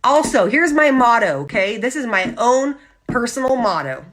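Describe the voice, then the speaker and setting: A woman's voice: on the high side, normal speed. A woman hosting a live Christian devotional, talking animatedly and checking in with her listeners. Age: adult with husband and child. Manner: animated, often checks in with "okay?"; acts out lively quoted voices. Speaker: Christian women's devotional host.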